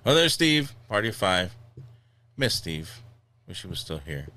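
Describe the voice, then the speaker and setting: A man with a very deep voice hosts a podcast in casual chat. His pitch rises and falls a lot as he talks. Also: sing-song, unhurried, sharp tone, no room sound. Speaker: podcast host.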